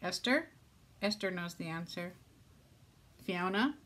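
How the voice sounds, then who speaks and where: A woman's voice: fairly low pitch, lively intonation, slow, fairly bright tone. An older woman from Southern California, chatting to camera in a rambling, self-mocking way, seated at home. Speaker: vlogger. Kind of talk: casual chat to camera. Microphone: phone or camera.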